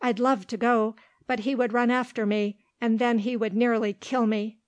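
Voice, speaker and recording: Woman reading scared little girl dog, timid and shrinking, high-ish and flat. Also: normal speed, no echo, lightly acted. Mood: fearful. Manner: shrinking, fearful, gasping. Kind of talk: audiobook reading.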